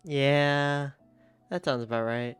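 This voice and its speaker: A man's voice: medium pitch, steady tone, slow, fairly bright tone, smooth, dry recording, faint music behind. A male streamer chatting casually and giggling often while playing a game. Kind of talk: casual gaming stream chat.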